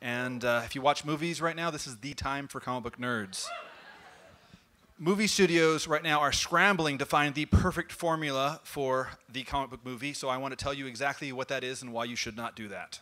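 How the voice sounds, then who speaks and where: A man giving a comic storytelling talk, in an animated and playful way. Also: medium pitch, moderate pace. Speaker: speaker at a nerd talk night.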